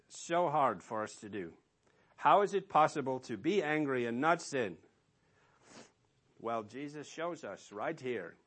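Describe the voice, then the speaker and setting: A man's voice: mid-range voice, fairly bright tone. A man preaching a sermon as pastor, emphatic and asking rhetorical questions of his listeners.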